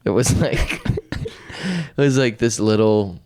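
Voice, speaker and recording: A man's voice: mid-range voice, expressive, slow, a little mellow. A man co-hosting a comedy podcast, chatting casually and teasing his friend, laughing often. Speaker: podcast co-host.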